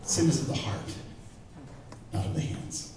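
A middle-aged man teaching the Bible to a live audience, animated and joking, asking the crowd questions. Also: unhurried. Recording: echoey hall, mic far off, faint noise.

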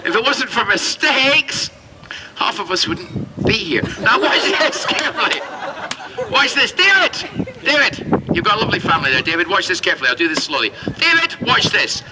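A man's voice: sits high, big pitch swings, a little fast, background noise. A man performing as a street magician, doing cheeky comedy patter and bantering with the crowd at an outdoor show.

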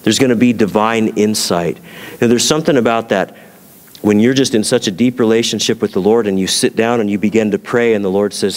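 Low-voiced pastor preaching in a reverberant hall. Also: male voice, brisk, a little mellow. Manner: conversational preaching with rhetorical questions. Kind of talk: sermon.

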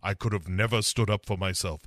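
A man's voice: on the low side, brisk, a bit bright, dry recording, clean studio sound, pitched below the performer's own voice. A man voicing an exasperated young male busboy who pleads in a whiny, indignant rush.

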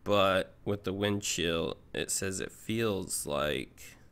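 A man's voice: deep voice, slow pace, creaky, fairly bright tone, clear, resonant tone. A man hosting a reaction video, chatting casually and laughing between remarks. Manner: amused, laughs often, breaks into asides.

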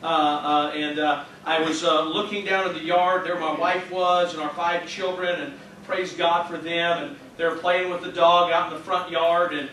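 High, bright-voiced preacher in echoey church. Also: male voice, level tone, moderate pace, few pauses. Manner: earnest, heartfelt preaching with interjected praise. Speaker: pastor. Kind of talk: sermon with personal story. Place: church sanctuary. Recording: echoey church from a distance, faint hum.

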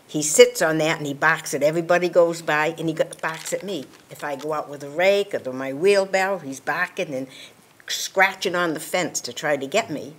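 Older woman with a very low voice telling her account. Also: normal speed. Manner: rambling, conversational storytelling. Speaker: witness. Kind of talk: sworn testimony.

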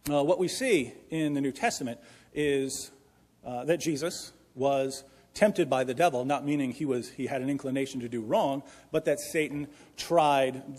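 A man arguing earnestly in a formal debate, pleading and restarting often, with a husky voice. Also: medium pitch, a little mellow. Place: debate hall. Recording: echoey hall with long reverb.

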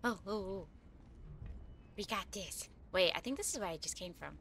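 A woman streaming a horror game, giddy and excitable, laughing often as she thanks her viewers. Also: medium pitch, moderate pace, slight background noise. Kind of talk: live gameplay commentary.

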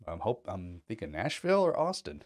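A man's voice: fairly low pitch, huge pitch swings, brisk, no echo, studio quality. A man in his thirties chatting casually as a vlogger, telling rambling, profane stories full of fillers. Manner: mimics other people in quoted bits. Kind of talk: casual chat.

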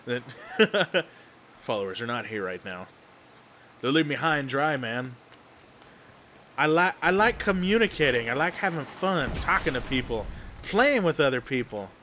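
A man's voice: medium pitch, expressive, unhurried, bright, forceful tone, a little hiss or hum. A young man streaming a shooter game, chatting casually and teasing his viewers as he plays. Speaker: gaming streamer. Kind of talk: casual live-stream chat while playing.

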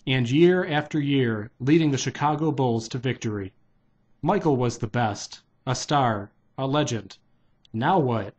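A man's voice: mid-range voice, measured pace, darkish tone, husky, highs cut off. A man reads a children's novelization aloud in a casual, unpolished way. His voice sits in an ordinary middle range. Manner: plain, unpolished read-aloud. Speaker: reader.

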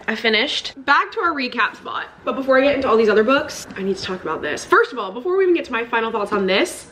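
A woman's voice: medium pitch, slight background noise. A woman chatting casually in a reading vlog, emphatic and full of "like", with some swearing. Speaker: book vlogger.

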